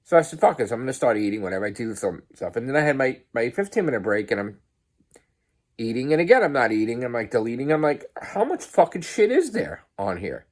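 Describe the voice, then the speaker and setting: A man's voice: mid-range voice, expressive, fast. Agitated male vlogger, profane, heated unscripted rant. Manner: swears heavily, grows agitated and loud. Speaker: podcast host. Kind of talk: angry rant to camera. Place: pizzeria, on a work break.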